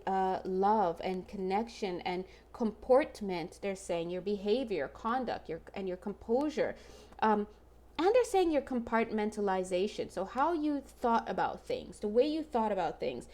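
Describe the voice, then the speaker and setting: A woman's voice: medium pitch, lively intonation, measured pace, darkish tone. A woman giving a casual tarot reading to her viewers, chatty and emotional, often checking in with "right?". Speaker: tarot reader.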